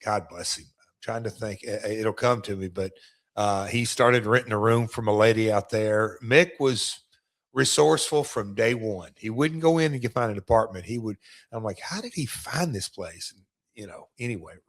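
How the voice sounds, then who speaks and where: A man's voice: fairly low pitch, normal speed. Middle-aged man telling rambling stories. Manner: rambling storyteller, restarts sentences. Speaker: co-host and former wrestler. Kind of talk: casual podcast chat.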